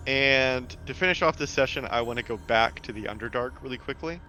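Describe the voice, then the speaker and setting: A man's voice: medium pitch, a little fast, sharp tone, faint music behind. A man running a tabletop game, narrating scenes casually with fillers. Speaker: game master.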